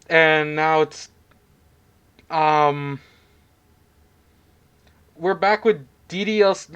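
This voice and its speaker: A young man giving casual, rambling let's-play commentary, speaking softly because it is late at night. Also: on the high side, clean tone, dull audio. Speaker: gaming YouTuber.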